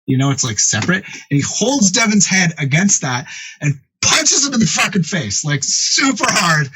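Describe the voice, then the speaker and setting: A man, a music producer guest on a podcast, tells a rambling, animated story full of swearing and acts out the characters' voices. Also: sits high, normal speed, slight background noise.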